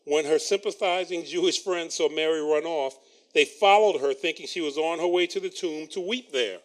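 Animated male preacher, slightly high voice. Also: moderate pace. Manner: animated, with wry asides and chuckles. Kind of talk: sermon, reading scripture with commentary.

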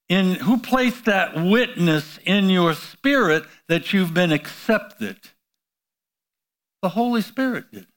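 A man preaching a sermon, prompting the congregation with call-and-response questions and exclaiming hallelujah. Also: high-pitched. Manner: frequent "you know" fillers, exclaims hallelujah.

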